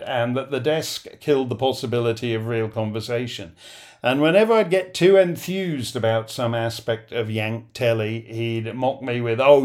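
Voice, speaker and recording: A man hosting a radio show, talking in a wry, conversational monologue with chuckles and asides. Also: medium pitch. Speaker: radio host. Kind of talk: spoken commentary monologue.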